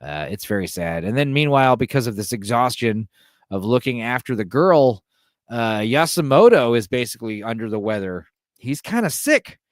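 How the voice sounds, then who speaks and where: A man's voice: medium pitch, big pitch swings, moderate pace, dry recording, clean studio sound. A man hosting a podcast, casually retelling a film's story in a loose, rambling way full of fillers. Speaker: podcast host.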